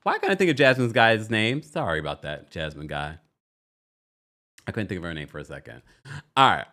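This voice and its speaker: A man's voice: fairly low pitch, big pitch swings, fairly quick, sharp tone. A man hosting a live stream, chatting casually and reading viewer comments aloud as he goes. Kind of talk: casual live recap chat.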